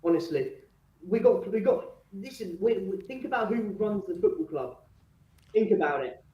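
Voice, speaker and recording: A man's voice: high voice, lively intonation, normal speed. A male football fan calling in, talking passionately and animatedly. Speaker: caller. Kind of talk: fan phone-in chat. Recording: echoey, distant, muffled call audio.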